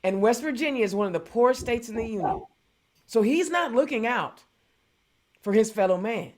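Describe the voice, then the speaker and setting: A woman's voice: fairly high pitch, animated, moderate pace, darkish tone. Impassioned woman hosting politics. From Indiana. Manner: impassioned, indignant, repeats phrases for emphasis. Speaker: political talk show host. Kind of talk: political commentary rant.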